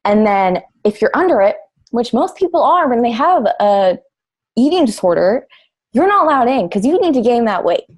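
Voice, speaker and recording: A woman's voice: a little high, very animated, moderate pace. A woman from Canada, a mental health advocate, speaking casually and with exasperation on a live round-table. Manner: casual, exasperated, many "like" fillers.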